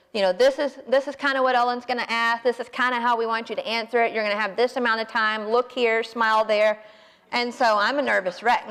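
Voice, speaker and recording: A woman in her late twenties with a Southern American accent, telling a personal story in a folksy, animated way. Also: fairly high pitch, big-room sound. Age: 20s. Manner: folksy, animated, self-deprecating. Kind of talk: personal story told to an audience.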